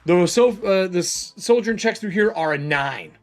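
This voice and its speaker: A man's voice: high voice, animated, normal speed, faint music behind. A man narrating a solo tabletop game casually, thinking aloud as he rolls dice.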